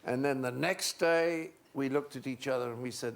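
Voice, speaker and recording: An older man, a talk show guest, telling animated anecdotes, chuckling and acting out voices. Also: mid-range voice, moderate pace, creaky. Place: TV studio with audience.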